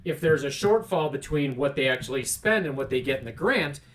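A man's voice: fairly high pitch, expressive, brisk, fairly bright tone, slight background noise. A man co-hosting a podcast, ranting emphatically in casual political chat. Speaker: podcast co-host.

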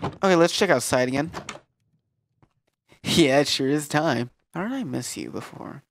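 Goofy swearing gamer dude, gravelly voice, all over the place pitch-wise. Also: male voice, animated, normal speed, a little hiss or hum. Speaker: let's player. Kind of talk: casual gameplay commentary.

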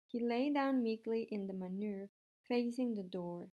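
A woman's voice: a little high, measured pace, muffled recording. Woman reading a children's book aloud. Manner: steady, with small slips. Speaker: reader.

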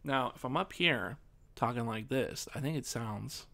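A man streaming live, thinking aloud and swearing casually as he tests his desk microphone, often projecting near a yell. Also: medium pitch, unhurried, creaky. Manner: projects loudly, near yelling into the mic. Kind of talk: live stream mic test, casual chat.

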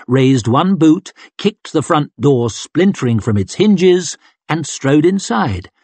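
A male audiobook narrator with a husky, mid-pitched voice, telling the story at a measured pace with expressive, shifting emphasis. The recording is close and dry. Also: no room sound. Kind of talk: scripted narration.

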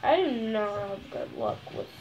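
A woman's voice: mid-range voice, wildly swooping pitch, unhurried, gravelly, highs cut off, background noise. A young woman chatting casually at home as she makes slime, rambling with self-conscious asides. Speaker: slime vlogger. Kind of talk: casual vlog chat.

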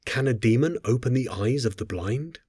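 A man reading scripture aloud in a solemn, measured, unhurried way. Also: medium pitch, lively intonation, darkish tone, husky, dry recording, clean studio sound. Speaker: scripture reader.

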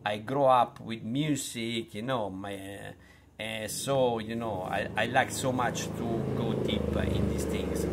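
A middle-aged man with an Italian accent, a language tutor who teaches pronunciation in a slow, unhurried way full of fillers and restarts. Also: lowish voice, noisy background.

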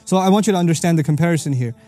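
A man teaching on scripture in an energetic explanatory talk, reciting verses quickly and then explaining them. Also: fairly high pitch, soft background music. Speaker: Quran teacher.

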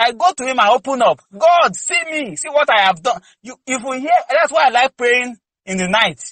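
A man's voice: high-pitched, fairly bright tone, no room sound, low-quality recording. A man preaching to a congregation, exhorting fervently with rhetorical questions and candid personal stories. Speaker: lay preacher. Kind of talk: preaching teaching session.

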